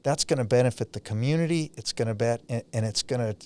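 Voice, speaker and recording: A man speaking as a guest financial planner in an interview, earnest and reflective, sometimes halting to find his words. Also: mid-range voice, a little hiss or hum. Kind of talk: conversational interview.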